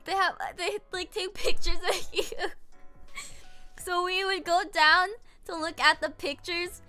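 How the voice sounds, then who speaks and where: A woman's voice: very high-pitched, fairly even intonation, measured pace, sharp tone, faint music behind. A woman streamer chatting casually from her home setup, rambling and giggling with lots of fillers.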